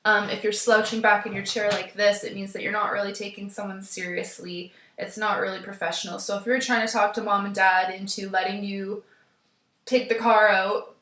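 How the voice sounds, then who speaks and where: A woman teacher speaks to her webcam in a recorded class lecture, her voice sitting at a middle pitch. She talks in a steady, instructive way and often pauses on "um." The room around her sounds roomy and echoey. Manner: steady instructive delivery with frequent ums. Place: indoor room, seated in a chair. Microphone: webcam at desk.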